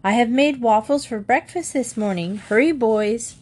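Brief: a woman as a brisk no-nonsense mother, firm and quick, storybook. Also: on the high side, darkish tone, pitched above the performer's own voice, close to an everyday voice.

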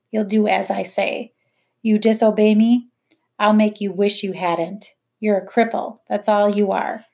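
A woman voicing a harsh, bitter mother who speaks in heavy, cold, slow threats, in an audiobook. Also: medium pitch, darkish tone, lightly acted. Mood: threatening.

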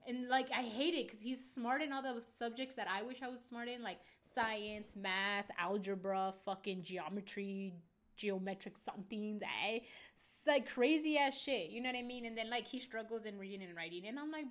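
A woman's voice: on the high side, normal speed, fairly bright tone. A young woman telling a casual storytime to her viewers, rambling with lots of fillers and swearing and calling out to them as guys. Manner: talks straight to viewers as "guys". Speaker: vlogger.

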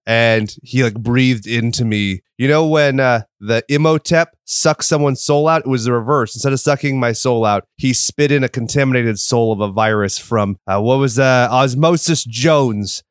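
A man's voice: mid-range voice, moderate pace, hardly any pauses, clean tone, dry recording, clean studio sound. A man co-hosting a podcast while sick with a cold, his voice stuffy and nasal, telling stories with wry humor. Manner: sardonic, storytelling with quoted asides. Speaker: podcast co-host. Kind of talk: casual banter.

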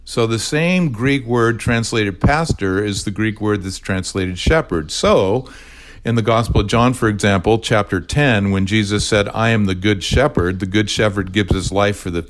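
An older man, a retired pastor, explaining his ministry in a measured, careful podcast conversation. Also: fairly low pitch, slight background noise. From California. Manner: measured, explanatory, spells words out.

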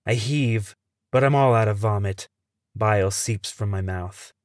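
A man with a lowish voice narrates a first-person thriller for his podcast. He tells it in a measured, tense way. The recording is close and dry, with no room around it. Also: no room sound. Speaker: podcast host and storyteller.

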